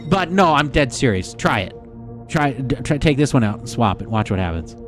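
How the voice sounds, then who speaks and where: Excitable male game streamer. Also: medium pitch, moderate pace, over music. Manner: excitable, chatty, swears casually, talks to viewers by name. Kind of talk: live gameplay commentary to chat.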